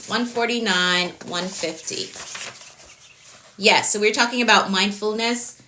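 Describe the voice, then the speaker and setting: A bright, clear-toned woman with a Jamaican accent hosts a live stream as a productivity coach. She talks in a loose, chatty way, circles back to the same points and stops to answer viewers' comments. Her pitch sits in the middle range for a woman. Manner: chatty, repeats herself, answers comments as they come.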